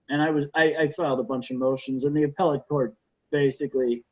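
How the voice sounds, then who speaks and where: A man, a defense lawyer, telling courtroom stories in a casual interview, animated and often restarting his sentences. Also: on the high side, fairly quick, slightly rough. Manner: animated storyteller, frequent restarts and stammered repeats. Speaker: defense lawyer, podcast guest. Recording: dull lo-fi sound.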